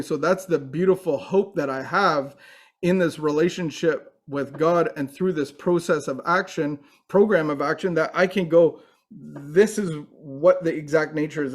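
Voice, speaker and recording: Man, earnest recovery speaker, faith-based talk, slightly higher voice. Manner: earnest, with frequent restarts.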